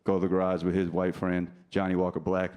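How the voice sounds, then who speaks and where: Deep-voiced stand-up comic from New Jersey. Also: male voice, fast. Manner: deadpan, teasing the audience. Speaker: stand-up comedian. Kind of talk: stand-up routine with crowd work. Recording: live club recording with audience noise. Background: audience laughter.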